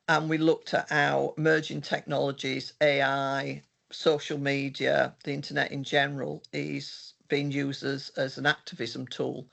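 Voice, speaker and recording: A man's voice: on the high side, gravelly, a bit bright. An older man giving a conversational presentation of his research, rambling with frequent restarts. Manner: meandering, many restarts. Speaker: researcher presenting their work.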